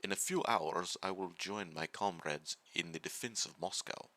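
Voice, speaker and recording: A man's voice: deep voice, moderate pace, bright, forceful tone. A man putting on a Russian accent to read a young Soviet recruit's diary entry. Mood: earnest. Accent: put-on Russian. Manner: admits accent is poor, reads aloud earnestly.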